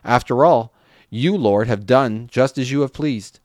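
A man's voice: mid-range voice, measured pace, no echo, clean studio sound, lightly acted. A man reading aloud the words of terrified sailors questioning a stranger and begging for mercy. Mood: pleading. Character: terrified group of male sailors.

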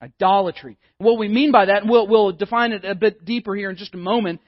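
A man's voice: sits high, steady tone, fast, dry recording, muffled recording. A male pastor giving a conversational, emphatic sermon, often repeating words as he builds a point.

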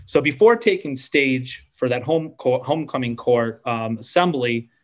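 A middle-aged man tells a long story on a podcast, rambling and poking fun at himself, with plenty of ums and uhs. His voice sits at an ordinary middle pitch. The recording sounds a little dull and lo-fi. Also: moderate pace. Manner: rambling, self-deprecating, many fillers. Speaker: podcast guest. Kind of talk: casual storytelling.

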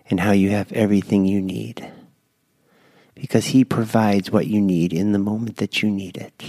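A man guiding listeners through a slow, gentle breath prayer. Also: on the low side, creaky, dry recording. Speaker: prayer leader.

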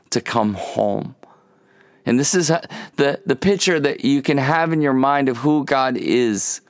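A man's voice: mid-range voice, creaky, dry recording. Earnest male preacher, dry close sound. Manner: earnest, animated, slows down to emphasize. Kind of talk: sermon-style teaching talk.

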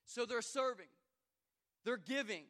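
A man in his thirties preaching a sermon, with many repeated starts, swinging between loud exhortation and quiet storytelling. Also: very high-pitched, lively intonation, unhurried. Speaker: pastor.

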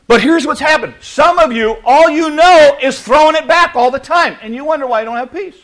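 High-voiced, playful man preaching. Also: brisk, hardly any pauses. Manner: animated, playful, acts out quotes. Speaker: pastor. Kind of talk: sermon with audience demonstration.

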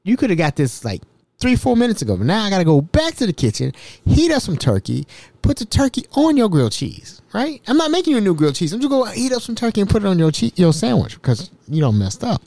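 A man hosting a podcast, telling stories in an animated, repetitive, exasperated way. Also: high voice, fast, gravelly, dry recording. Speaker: podcast host. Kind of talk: casual storytelling.

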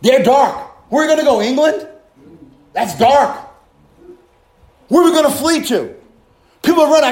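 A man's voice: very high-pitched, lively intonation, normal speed, pauses often. A male pastor preaching a fervent sermon, with frequent hallelujahs and rhetorical questions to the congregation. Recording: roomy, echoing room.

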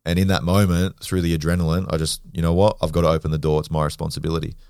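Fast-talking deep-voiced Australian man. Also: creaky, clean tone, dry recording, clean studio sound. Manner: blunt, swears freely, animated retelling. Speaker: podcast guest, grappler and former rugby league player. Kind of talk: casual storytelling.

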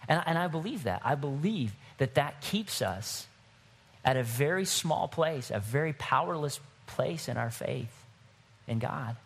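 A man's voice: lively intonation, measured pace, breathy edge. A man preaching a sermon to his church, shifting from wry, conversational storytelling to emphatic, rising exhortation. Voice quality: bald-headed man, higher-pitched voice. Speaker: pastor.

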